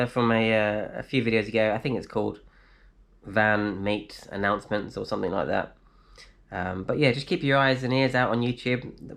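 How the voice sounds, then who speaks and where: A man chatting casually on a live stream from his flat, reading out viewers' comments and answering them. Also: on the low side, creaky. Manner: chatty, reads out comments and replies, laughs easily. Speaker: vlogger answering live chat. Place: indoors in a flat.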